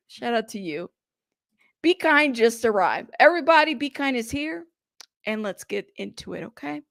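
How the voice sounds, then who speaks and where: A woman hosting a casual live stream, chatty and playful, reading viewer comments aloud and giving shout-outs. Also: a little high, dry recording, studio quality. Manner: playful, teasing. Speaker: livestream host.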